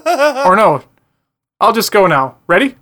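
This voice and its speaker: A man's voice: high-pitched, very animated, measured pace, bright, forceful tone. Easygoing man chatting casually. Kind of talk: casual drinking-game banter.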